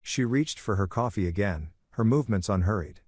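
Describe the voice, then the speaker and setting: A man narrates a first-person story in a measured, even way. His voice is fairly low, and the recording is dry and close with no room sound. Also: husky, dry recording.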